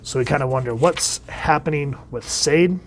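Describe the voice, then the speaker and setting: A man giving a casual comic book review, chatting along and letting phrase ends drop quietly. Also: a little high, normal speed, slight background noise.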